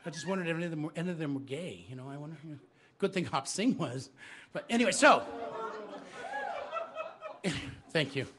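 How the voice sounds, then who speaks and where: A man's voice: fairly high pitch, expressive, a little fast, pauses often. A man telling comic stories live to an audience in a bookstore, chatting with the crowd. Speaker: storyteller.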